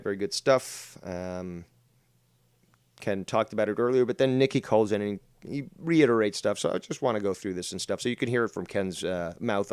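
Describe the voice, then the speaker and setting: A man's voice: fairly low pitch, darkish tone, clear, resonant tone, no room sound, clean studio sound. A man hosting a livestream drama commentary show, talking in a profane, mocking, rambling way. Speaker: host.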